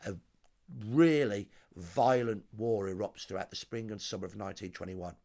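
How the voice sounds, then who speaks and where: A man's voice: fairly low pitch, normal speed, gravelly, a little mellow. A man, a historian guest telling a vivid story with emphatic, dramatic lists. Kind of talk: storytelling explanation.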